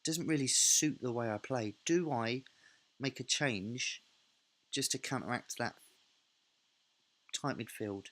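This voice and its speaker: A man's voice: mid-range voice, slow, pauses often, a bit bright. A man hosting a let's play, thinking aloud in a casual, self-correcting way while he narrates a football management game.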